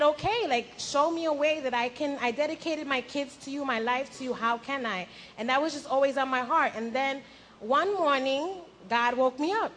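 At a church gathering, a young woman gives an animated testimony of her personal faith, acting out things she used to say and laughing at herself. Her voice sits high, and there's a little hiss or hum in the recording.

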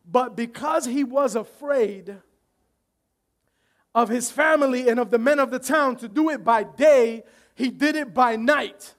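A man preaching a sermon as pastor, animated, often shouting and laughing while acting out voices from the story. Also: very high-pitched, measured pace.

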